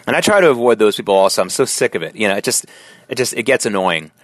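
Middle-aged guy ranting on his podcast, voice dips low then spikes up hard, dry close mic, no room sound. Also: quick pace, no echo. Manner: animated, swings from low tired tones to sharp emphatic peaks. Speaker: podcast host. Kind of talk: solo podcast monologue.

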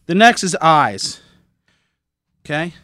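A man's voice: fairly high pitch, big pitch swings, takes it slowly, bright, forceful tone, no echo. A man who is a chef guest, explaining a cooking demonstration in an easygoing, plain way in a studio. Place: radio studio.

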